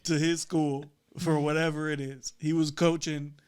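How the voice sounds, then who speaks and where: A man with a fairly high voice joins a casual talk podcast as a guest. He starts hesitantly, then talks in a chatty, joking way. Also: little pitch movement, moderate pace, crowd noise. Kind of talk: casual chat.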